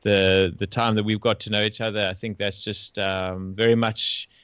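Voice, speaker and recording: A man hosting a podcast interview, talking in a friendly, halting way with many fillers. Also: on the low side, little pitch movement, fairly bright tone, clean tone, no room sound, lo-fi sound. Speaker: podcast host. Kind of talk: casual interview. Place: Gold Coast, Australia.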